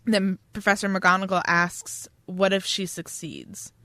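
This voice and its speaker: A woman's voice: medium pitch, level tone, measured pace, pushed and bright, no room sound. A young woman co-hosting a podcast, casually recapping a play's plot and joking at her own expense. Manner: self-deprecating, recaps plot, laughs often. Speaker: podcast co-host. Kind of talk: casual book discussion chat.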